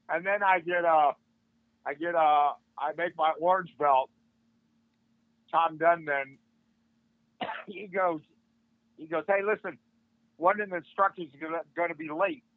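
A man's voice: fairly high pitch, measured pace, pauses often, no echo. An older man, a martial arts instructor, telling a story as a podcast guest and acting out the dialogue of the people in it. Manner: animated, acts out quoted dialogue. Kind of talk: casual storytelling. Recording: tinny phone-like line, dry.

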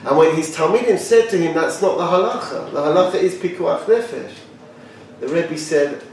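A man with a high, swooping voice teaches Torah to a gathered group, joking and quizzing listeners by name. He is picked up from a distance in a very echoey room. A faint hum of noise sits underneath. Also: animated, normal speed. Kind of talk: lively Torah talk to a live group.

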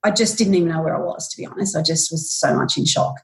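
A woman in her forties, a podcast guest, retelling a painful personal story in a halting, emotional way with many restarts, raising her voice when she acts out what people said. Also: fairly low pitch, steady tone. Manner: acts out quoted lines in a raised voice.

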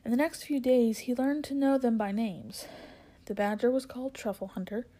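Woman reading a story softly. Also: a little high, moderate pace, poor audio. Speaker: reader. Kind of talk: audiobook reading.

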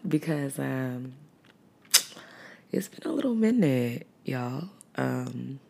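A woman's voice: extremely low pitch, vocal fry, a little mellow. A woman hosting her own podcast, talking in a rambling, reflective, casual way with chatty asides. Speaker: podcast host. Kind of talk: casual solo podcast monologue.

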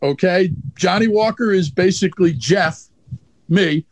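A high-pitched wrestling manager guest tells a blunt, profanity-laced backstage story with animated energy in a candid storytelling interview. He's unhurried, and his voice is recorded dry and close with no room sound.

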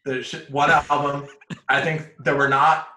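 A man's voice: fairly high pitch, little pitch movement, measured pace, pushed and bright. A man co-hosting a casual podcast, joking wryly and laughing often. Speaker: podcast co-host. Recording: roomy echo.

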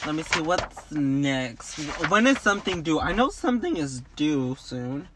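A man's voice: a little high, big pitch swings, a little slow, fairly bright tone, slight background noise. A young man, a student, ranting dramatically and profanely in a casual vlog. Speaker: vlogger, student.

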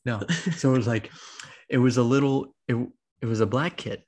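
Man, podcast host, casual rambling storyteller, mid-pitched voice, lots of filler words. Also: fairly even intonation, moderate pace, darkish tone. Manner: rambling storytelling full of "like" and acted quotes. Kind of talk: casual chat.

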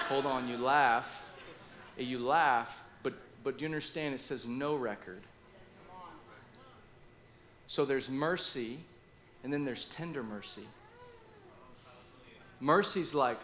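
Passionate, bright-voiced male preacher. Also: mid-range voice, slow pace, pauses often. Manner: passionate, animated preaching with asides and quoted inner dialogue. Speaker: pastor. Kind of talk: sermon.

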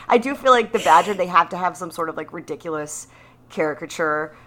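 A woman with a low voice talks through a TV episode in a loose, casual podcast chat. She stays animated and laughs often between quick asides. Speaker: podcast co-host.

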